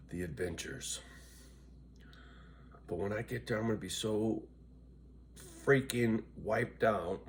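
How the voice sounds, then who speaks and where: A man's voice: lowish voice, slow, long pauses, background noise. A tired, loopy middle-aged man vlogging to his viewers in a casual, rambling way, swearing freely and often asking "right?". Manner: profane, chatty, keeps asking "right?". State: worn out and loopy.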